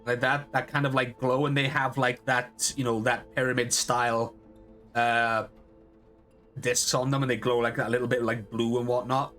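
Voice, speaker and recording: A man's voice: mid-range voice, little pitch movement, moderate pace, sharp tone, faint music behind. A man narrating a tabletop game as game master, loose and full of fillers.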